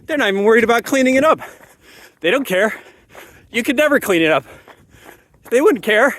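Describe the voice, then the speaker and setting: Male commentator, high-pitched, animated and emphatic solo monologue. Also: a little fast. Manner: animated, emphatic, repeats phrases for effect. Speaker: parenting commentator. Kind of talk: solo ranting monologue to camera.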